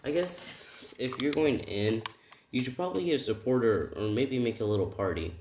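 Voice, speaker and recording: A man's voice: medium pitch, animated, moderate pace, natural voice. A man voicing a friendly, matter-of-fact female goddess of the forge. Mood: explaining. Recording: roomy room, distant mic, faint hiss.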